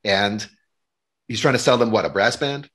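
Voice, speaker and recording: A man's voice: lowish voice, normal speed, over loud music. A man hosting a podcast, explaining craft terms in a teacherly way with examples. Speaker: podcast host.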